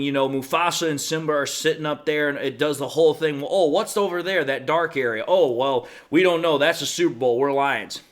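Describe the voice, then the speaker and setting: A man's voice: on the high side, a bit bright. A man hosting his own sports commentary show, talking casually and at length in a folksy way. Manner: folksy, talkative, says y'all and folks. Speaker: host.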